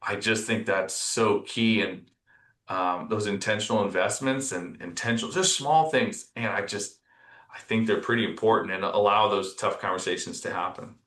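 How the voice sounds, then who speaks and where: A man's voice: on the low side, normal speed, echoey room. A man talking reflectively as a podcast guest, telling stories and voicing others' words with animation. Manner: reflective, storytelling, animated when quoting others. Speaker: podcast guest, company executive. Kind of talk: casual conversational interview.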